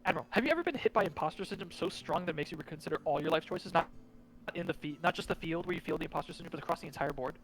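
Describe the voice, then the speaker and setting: A man chats as a player in a tabletop game, joking and animated, with a high voice that leaps around. Faint music plays underneath him. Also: very fast. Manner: animated and joking, drops into hushed asides. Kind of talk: casual chat in a tabletop game.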